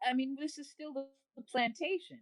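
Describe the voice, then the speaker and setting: A woman with a fairly high voice speaks as a guest host, earnest and pausing to find her words. Her voice is recorded dry and close. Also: no room sound, rough recording. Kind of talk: opinion discussion.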